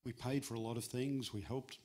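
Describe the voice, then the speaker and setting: A middle-aged man delivering a sermon as a guest speaker. He keeps it conversational and joking, and his pitch leaps high whenever he stresses a point. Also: brisk, a little hiss or hum. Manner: conversational and humorous, with lively jumps in pitch for emphasis.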